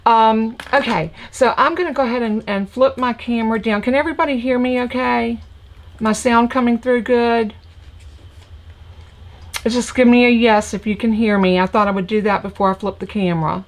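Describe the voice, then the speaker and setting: A woman's voice: a little high, steady tone, moderate pace. An older woman with a Southern US accent hosting a live crafting stream in a folksy, chatty way, greeting viewers by name. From United States. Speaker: crafting channel host. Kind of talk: casual live-stream chat.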